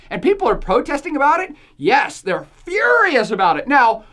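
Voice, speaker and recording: An American woman hosts a podcast, offering opinionated commentary in a jokey, sarcastic way and laughing often between points. Her voice sits high, slightly bright, with huge pitch swings at a moderate pace.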